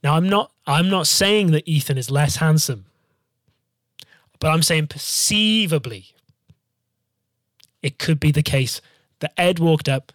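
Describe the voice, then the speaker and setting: A man's voice: on the high side, measured pace, pauses often, fairly bright tone, no room sound, studio quality. A man telling long, jokey travel stories in casual chat, swearing freely and rambling.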